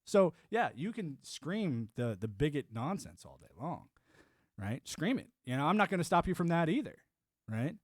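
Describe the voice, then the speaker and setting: A man's voice: a little high, sing-song, normal speed, no echo, studio quality. A man in his thirties hosting a livestream, chatting casually and rambling with restarts while answering chat. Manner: rambling, restarts, laughs to himself. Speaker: livestream host.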